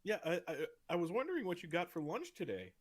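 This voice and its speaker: A man's voice: high voice, huge pitch swings, fast. A man in a casual chat who rambles and trails off.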